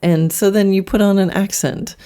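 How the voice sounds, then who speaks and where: A middle-aged woman hosting a solo podcast about horse training, chatty and animated. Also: mid-range voice, clear, resonant tone. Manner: chatty, animated, slips into quick mock demos.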